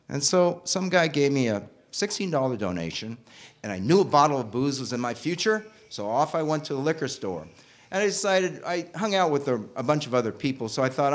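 A man telling a story from his own life, his pitch lively and bouncing all over. He swings from loud bursts to hushed, almost whispered asides. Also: fairly quick. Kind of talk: personal storytelling.

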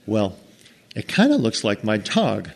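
An American man spins a comic outdoor tale for a crowd, acting out each character and noise. His pitch rises and falls widely, which keeps the telling lively and expressive. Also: a little slow, creaky. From United States. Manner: animated, acts out every character and sound. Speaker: storyteller. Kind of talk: comic campfire storytelling to an audience.

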